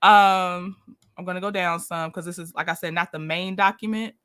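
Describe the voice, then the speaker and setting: A woman's voice: lowish voice, fairly even intonation, moderate pace, a bit bright, clear, resonant tone. A woman hosting a casual livestream, chatting and greeting viewers by name, laughing often, then reading through documents. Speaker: livestream host.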